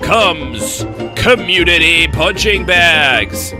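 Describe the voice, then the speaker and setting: A man's voice: on the high side, lively intonation, extremely slow, over music. A man putting on a brash spokesman's voice for a parody advert, with a hard-selling, mock-salesman delivery. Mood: salesy.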